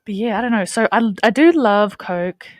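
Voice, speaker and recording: A woman's voice: medium pitch, animated, moderate pace, no room sound, studio quality. A woman co-hosting a casual podcast, bubbly and giggly, rambling through stories. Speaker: podcast co-host. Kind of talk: casual chat.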